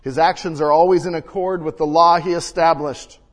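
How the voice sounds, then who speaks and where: A man preaching a sermon and reading scripture, swinging between loud emphasis and hushed quiet, recorded in a church sanctuary. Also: on the high side, fairly even intonation, moderate pace. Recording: long reverb of a large hall.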